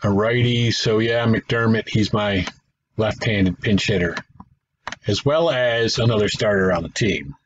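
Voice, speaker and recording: A man's voice: on the low side, unhurried, highs cut off, slight background noise. A man giving casual play-by-play commentary on a simulated baseball game, thinking aloud, correcting himself and adding wry asides. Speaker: gaming channel host.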